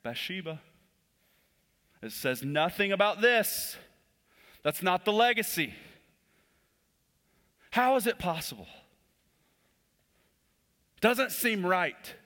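A pastor delivering a sermon in a church, moving from quick urgent lines to slow hushed emphasis. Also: male voice, high voice, expressive. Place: church sanctuary.

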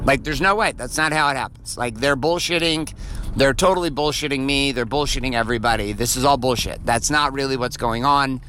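A man's voice: mid-range voice, quick pace, bright, forceful tone, slight background noise. A man hosting a motivational podcast. He talks bluntly and profanely, repeats phrases for emphasis and drives his points home with rhetorical questions. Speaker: podcast host.

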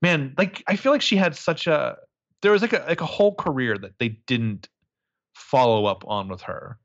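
A man's voice: mid-range voice, animated, moderate pace, a bit bright, muffled recording. A man casually recapping a movie as a podcast co-host, crude and joking, rambling with lots of fillers.

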